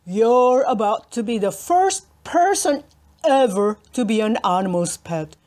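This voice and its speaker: A woman reading aloud and voicing a calm, polite male brontosaurus with a slow, rumbling manner. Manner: slow, measured, courteous.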